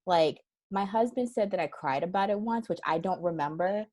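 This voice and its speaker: A woman's voice: mid-range voice, normal speed. A woman guest on an interview show, telling stories in casual chat, acting out what people said and laughing often. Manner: animated storyteller who acts out quoted voices; laughs often while talking. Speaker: guest, transformation strategist.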